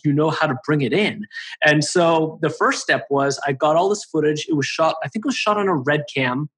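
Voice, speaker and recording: A man's voice: a little high, fairly bright tone, husky. A man guesting on a podcast, chatting loosely and telling work stories with lots of fillers. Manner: chatty storyteller, many fillers. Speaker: guest, assistant editor. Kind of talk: casual podcast conversation.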